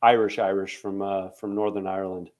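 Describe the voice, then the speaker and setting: A man's voice: deep voice, brisk. A man in his twenties, a guest comedian from Canada, telling stories in casual podcast talk and acting out his friends' voices. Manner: animated storyteller, acts out friends' voices. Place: podcast studio.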